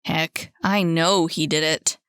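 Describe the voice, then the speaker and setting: A woman voicing a blunt, easygoing young man, only slightly lower than her own voice. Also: steady tone, slow, a bit bright, clean tone, no room sound, clean studio sound. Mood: scornful. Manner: blunt, offhand.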